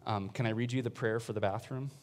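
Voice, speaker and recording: A man's voice: medium pitch, fairly even intonation, fast talker. A male priest preaching a casual, chatty sermon to a congregation in a church. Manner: informal, chatty preaching with fillers and laughs.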